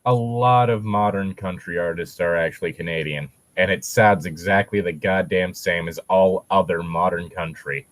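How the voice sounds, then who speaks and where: A man's voice: deep voice, steady tone, moderate pace, hardly any pauses, no echo. A man running a tabletop role-playing game as game master, chatting casually and giving dry opinions.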